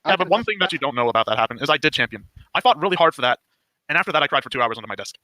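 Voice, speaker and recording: High, bright-voiced man, hurt and emotional. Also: expressive, rapid-fire, dry recording, poor audio. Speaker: former group member. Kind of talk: emotional voice-chat confrontation.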